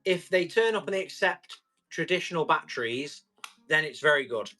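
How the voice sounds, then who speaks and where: A man's voice: on the high side, animated, normal speed, pushed and bright, faint music behind. Chatty man selling tools. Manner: chatty, jokey salesman patter. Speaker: live auction seller. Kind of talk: live-stream tool auction chat.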